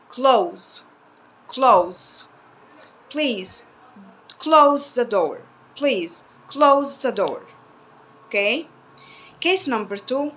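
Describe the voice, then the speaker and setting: Slow, patient woman teaching phonics. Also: fairly high pitch, fairly bright tone, slight background noise. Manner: slow, repeats each word twice, stretches vowels. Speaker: English teacher. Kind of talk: phonics lesson.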